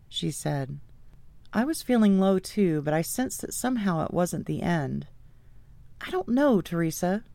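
A woman's voice: on the low side, vocal fry, warm tone, no echo. A woman reading her own memoir audiobook, telling an earnest, faith-filled story.

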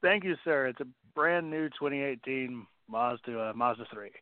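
A man's voice: medium pitch, normal speed, dry recording. A man chatting casually as a co-host, dry and self-deprecating. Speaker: podcast co-host. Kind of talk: casual chat. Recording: tinny phone-like line, dry.

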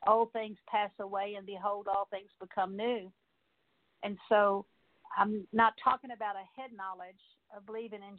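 An older woman Bible teacher, earnestly teaching and then leading a repetitive prayer of confession and deliverance. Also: medium pitch. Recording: tinny phone-like sound.

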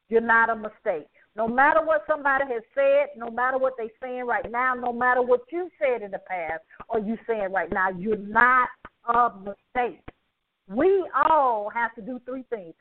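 Effusive high-voiced woman podcast host. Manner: effusive, emotional, laughing often. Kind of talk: animated show sign-off. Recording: phone-like narrow sound.

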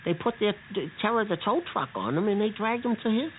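A man voicing an earnest young bean hero who gets exasperated with his partner and keeps telling her to calm down. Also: high voice, fast talker, voice pushed up. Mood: worried. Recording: tinny phone-like line with noise.

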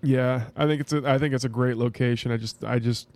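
A man's voice: mid-range voice, steady tone, fairly quick, a little mellow. A young man co-hosting a podcast in casual chat, rambling with frequent restarts and casual swearing. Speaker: podcast co-host.

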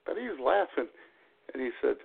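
A man's voice: mid-range voice, big pitch swings, a little fast, creaky, slightly rough. A man hosting a radio show, telling a rambling, crude, joking story in casual chat. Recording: tinny phone-like audio.

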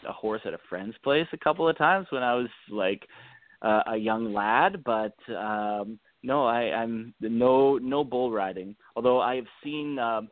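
A man's voice: mid-range voice, a little slow, dry recording. Rambling man guest from Alberta, phone line. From Alberta, Canada. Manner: rambling, self-deprecating, laughs easily, many restarts. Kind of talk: casual call-in chat. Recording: tinny phone line, dry.

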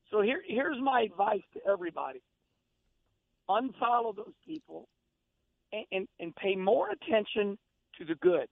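A middle-aged man calls in to a radio show as a guest and talks in a worked-up, folksy way, doubling back on his words. His voice sits high and has a gravelly fry to it. The sound comes over a tinny phone line. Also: sing-song, normal speed, pauses often, no echo. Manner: emphatic, repeats words and restarts, folksy. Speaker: guest, former race car driver. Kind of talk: casual radio chat.

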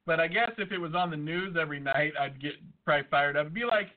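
Brief: high-pitched male co-host, argumentative and jokey, swears freely, thin phone-line sound. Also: quick pace. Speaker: podcast co-host. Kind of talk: casual profane chat.

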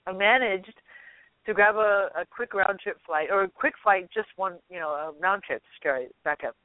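A woman guest telling a story in a lively way, laughing often and acting out what people said. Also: medium pitch, moderate pace, no room sound. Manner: animated, laughs often, acts out quotes. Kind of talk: casual storytelling. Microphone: telephone. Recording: tinny dry phone line.

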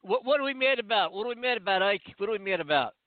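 Quick high-voiced male radio host. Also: lively intonation, no echo. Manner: quick, playful, stammering restarts. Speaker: talk show host. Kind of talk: casual comedic talk radio. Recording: dry, tinny phone-like line.

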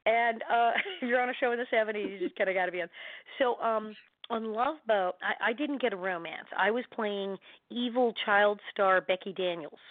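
A middle-aged actress, a woman, chatting as an interview guest and telling animated anecdotes, acting out quotes and laughing often. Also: medium pitch, normal speed, no room sound. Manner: animated, laughing storyteller who acts out quotes. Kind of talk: casual storytelling chat. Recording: tinny phone-line sound.

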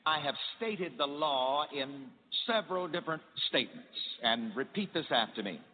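Male preacher, lively up-and-down voice, pushes lines hard, phone-thin echoey hall sound. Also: fairly high pitch, moderate pace. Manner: emphatic, leads the crowd in repeating phrases. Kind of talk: sermon with call-and-response. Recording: tinny echoey hall recording with faint hiss.

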